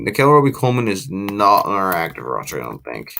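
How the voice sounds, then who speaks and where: A man's voice: on the low side, sing-song, brisk, vocal fry, pushed and bright. A young man hosting a late-night live chat with viewers, talking casually and rambling with restarts and opinionated asides, sleepy and yawning. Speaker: livestream host.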